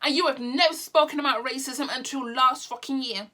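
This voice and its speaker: Angry bright-voiced woman ranting. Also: high-pitched, brisk. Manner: angry, blunt, swearing, sarcastic. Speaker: vlogger. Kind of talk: heated opinion rant to camera.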